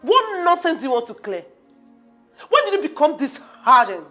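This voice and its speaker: An indignant, scolding friend. Her voice is high, and her pitch swings in lively jumps. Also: moderate pace, faint music behind, full character voice. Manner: scolding, incredulous.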